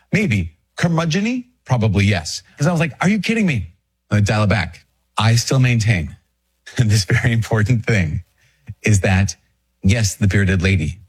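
A man, a Catholic priest, talking casually to camera, chatty and self-deprecating with animated asides. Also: lowish voice, slightly rough. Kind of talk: casual video talk.

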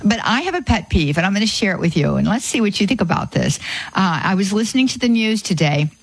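A woman's voice: mid-range voice, sing-song, quick pace, gravelly, slightly rough, no room sound, low-quality recording. Middle-aged lady radio host, chatty, dry studio sound. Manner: chatty, warm-hearted, repeats phone number. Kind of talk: live call-in radio talk. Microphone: studio microphone.

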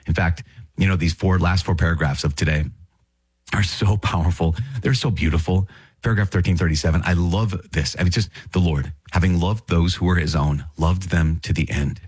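This deep, somewhat husky, darkish-toned voice belongs to a man teaching the catechism on a podcast by reading passages aloud and then discussing them earnestly and casually. He keeps circling back to stress key phrases, recorded close and dry with no echo or room sound.

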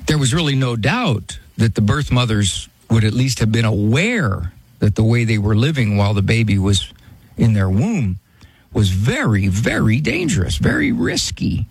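A man's voice: lowish voice, big pitch swings, moderate pace, gravelly, breathy edge, dry recording. A middle-aged American man hosting a Christian call-in radio show, folksy and pastoral, repeating the phone number. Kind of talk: casual call-in radio talk.

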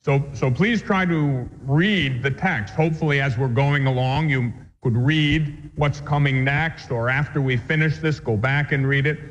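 Man, priest, catechism lecture, deliberate, earnest, echoey, lo-fi. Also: medium pitch. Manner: earnest, deliberate, reads text then explains. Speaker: priest teaching a catechism class. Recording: echoey dull lo-fi recording.

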